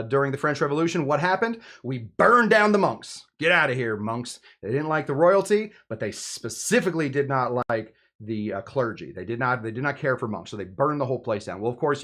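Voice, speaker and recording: Rambling, jokey man making cocktails. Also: mid-range voice. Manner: rambling, jokey, chatty, with many fillers. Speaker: home bartender host. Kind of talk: casual cocktail-making video with live chat.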